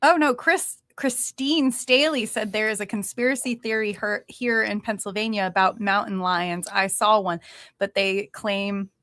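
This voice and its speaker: A woman's voice: medium pitch, steady tone, a little slow, a bit bright, no echo. A woman co-hosting a casual livestream, teasing her partner and reading viewer comments aloud. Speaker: livestream co-host. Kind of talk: casual chat.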